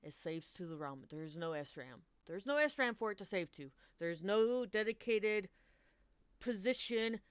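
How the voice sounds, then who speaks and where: A young woman streamer telling a rambling, animated story in casual chat, swearing often and restarting her sentences. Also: medium pitch, unhurried, clear, resonant tone, dry recording. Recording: dull, lo-fi, dry stream mic.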